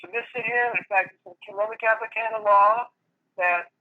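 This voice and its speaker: A man's voice: sits high, steady tone, fairly quick. A male interview guest who lectures emphatically and insistently in a muffled, lo-fi recording. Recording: dull lo-fi audio.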